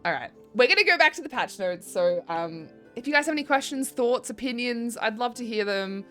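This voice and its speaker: A young woman streaming a game and talking casually to her chat, rambling from one thought to the next with lots of ums. Her voice sits a bit high, with soft music playing under her. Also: animated, a little fast. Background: faint background music.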